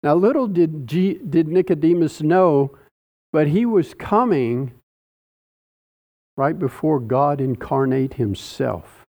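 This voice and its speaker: A man preaching a sermon, teaching slowly and deliberately through a Bible passage with dramatic pauses. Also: fairly high pitch, animated, warm tone.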